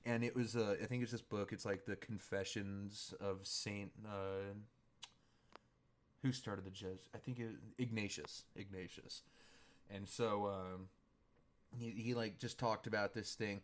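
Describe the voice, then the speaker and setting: Young dude ranting through a funny story, cussing a lot, laughs between lines. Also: male voice, on the low side, steady tone, unhurried. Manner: profane, laughing, rambling. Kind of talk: casual storytelling.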